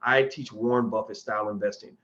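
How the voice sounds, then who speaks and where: A man's voice: lowish voice, fairly even intonation, a little fast, fairly bright tone, dull audio. A man hosting a casual livestream and answering viewer questions. He is blunt and opinionated, rambles, and often restarts his sentences. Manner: rambling and conversational, with frequent restarts.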